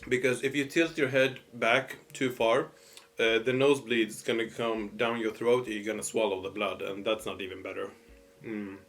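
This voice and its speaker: A man's voice: on the low side, fairly even intonation, normal speed, a bit bright. A man casually telling a personal story while eating, hesitant and full of fillers and restarts. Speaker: storytime host.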